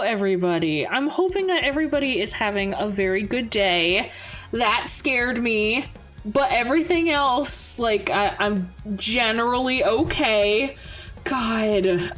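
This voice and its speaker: A woman's voice: fairly high pitch, animated, unhurried, fairly bright tone, faint music behind. A woman streamer chatting casually and reading game narration aloud, laughing easily.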